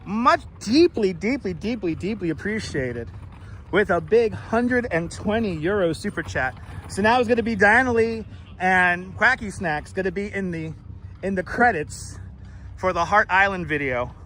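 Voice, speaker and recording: A man's voice: high-pitched, expressive, moderate pace, bright, forceful tone, a little hiss or hum. A man hosting a casual live stream outdoors in a city, talking loosely with swearing and frequent laughs. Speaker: live-stream host and tour guide. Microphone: wireless clip-on mic.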